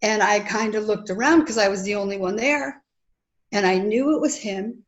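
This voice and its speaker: A woman's voice: mid-range voice, moderate pace, highs cut off. Earnest woman telling her story. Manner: earnest, lively, acts out remembered dialogue. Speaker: guest sharing her testimony. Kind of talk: conversational storytelling.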